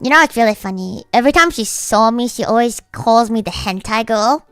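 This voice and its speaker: A woman's voice: a little high, expressive, a little fast, fairly bright tone, smooth, dry recording, soft background music. A woman streaming, chatting casually in a blunt, profane, ranting way. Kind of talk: casual livestream chat.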